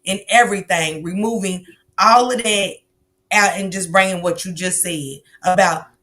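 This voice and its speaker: A woman hosting a livestream chat, talking casually with repeated "you know what I'm saying" and soft agreeing murmurs. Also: on the low side, normal speed. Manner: frequent affirming murmurs, rambling with fillers.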